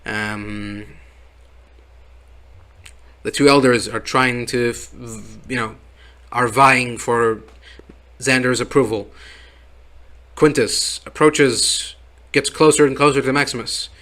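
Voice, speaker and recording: A man's voice: medium pitch, steady tone, slow pace, long pauses, sharp tone. A man casually recapping a show episode in a rambling way, with many fillers and chuckles. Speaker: show reviewer.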